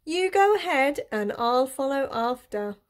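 A woman voicing a big, clumsy, hungry male monster, gruff and easily amazed. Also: high-pitched, very animated, unhurried.

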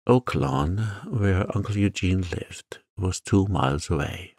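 A man reading a sleep story aloud in a soft-spoken, soothing way. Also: low voice, expressive, slow pace, hardly any pauses, dry recording, clean studio sound. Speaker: narrator.

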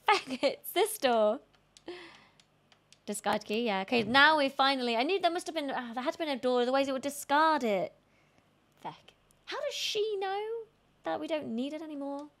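A woman's voice: high voice, lively intonation, normal speed, fairly bright tone. A woman streaming a horror game, chatting to viewers, swearing and screaming at scares. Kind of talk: gaming stream commentary.

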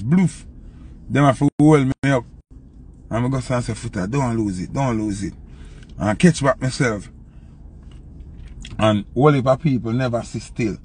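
A young man with a Jamaican accent, a selector telling a loose, animated story in patois and acting out the quotes. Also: mid-range voice, creaky, breathy edge. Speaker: dancehall selector. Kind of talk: casual storytelling.

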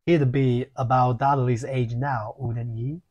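A man reading an audiobook, voicing a nervous middle-aged husband who talks in halting, mumbled phrases. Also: mid-range voice, fairly even intonation, darkish tone, dull audio. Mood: uneasy. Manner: hesitant, mumbling, with halting pauses.

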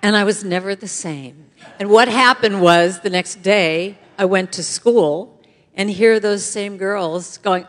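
Woman guest speaker, middle-aged, lively storyteller, voice ringing in a big hall. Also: medium pitch, measured pace. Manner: animated storyteller acting out voices. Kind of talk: inspirational talk to a congregation. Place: large church hall. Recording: long hall reverb.

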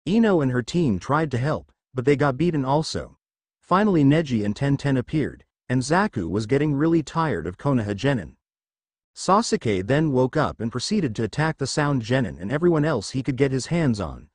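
Man narrating a fanfic, lively delivery. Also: medium pitch, dry recording.

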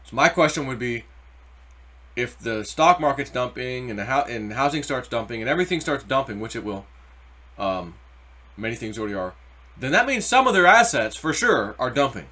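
A man's voice: medium pitch, animated, normal speed, sharp tone. A middle-aged man giving casual, rambling crypto market commentary with anecdotes and spiritual asides. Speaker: crypto YouTuber.

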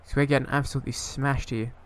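A man's voice: medium pitch, level tone, quick pace. A young man casually commentating on his own football management game, rambling and hesitant, breaking into sweary frustration. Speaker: gaming YouTuber.

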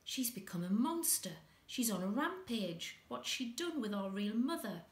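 A woman voicing a frightened young boy who cries out urgently and loudly, in an echoey room. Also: a little high, big pitch swings, moderate pace, pitched above the performer's own voice. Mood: alarmed.

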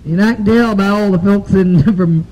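A woman's voice: mid-range voice, mellow, poor audio. A woman doing bawdy live stand-up, a profane, rambling storyteller who strings jokes together with "I said, he said" and chuckles at her own punchlines, into a stage microphone. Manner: drawn-out "I said, he said" story delivery. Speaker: stand-up comedian. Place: nightclub stage with a live audience.

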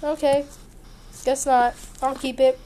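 A woman's voice: high voice, flat delivery, takes it slowly, warm tone, rough recording. A young woman playing a horror game and chatting through it, playful, sarcastic and sing-songy. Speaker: gaming YouTuber. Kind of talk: horror game let's play commentary.

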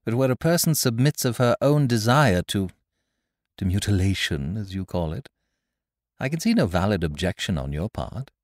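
A man voicing a composed, secretive young woman who speaks calmly and steadily. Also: lowish voice, dry recording, studio quality. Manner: calm, measured and composed.

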